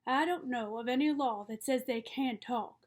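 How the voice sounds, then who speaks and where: A woman reading the part of a calm, wise middle-aged father, who speaks steadily and patiently. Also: on the high side, moderate pace, lightly acted. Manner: steady, patient, gently reasoning.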